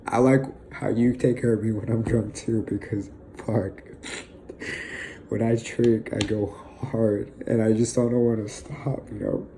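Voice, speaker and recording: A young man in an emotional personal monologue, halting and filled with pauses, sighs and fillers, sounding close to tears. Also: lowish voice, fairly even intonation, warm tone, a little hiss or hum, rough recording. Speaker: vlogger.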